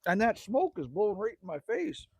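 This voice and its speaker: A man's voice: sits high, sing-song, normal speed, darkish tone, husky. A middle-aged man from Canada hosting a casual live stream outdoors at his rural cabin, ranting, joking and greeting viewers by name. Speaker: livestream host.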